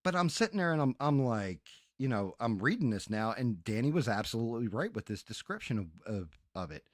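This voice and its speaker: A man's voice: medium pitch, very animated, brisk, dry recording, clean studio sound. A man streaming on a headset mic, telling a story in a casual, profane, exasperated rant. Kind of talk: casual ranting stream chat.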